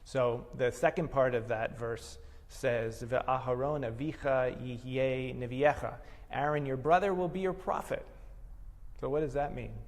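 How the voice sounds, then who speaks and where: A male meditation teacher speaks unhurriedly and reflectively at a mid-range pitch. A long reverb tail trails his voice, as though recorded in a large hall.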